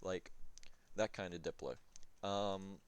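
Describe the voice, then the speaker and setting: A man's voice: deep voice, takes it slowly, clean tone. Profane young man giving game advice. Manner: profane, joking, trails off with ums. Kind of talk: casual rambling game commentary.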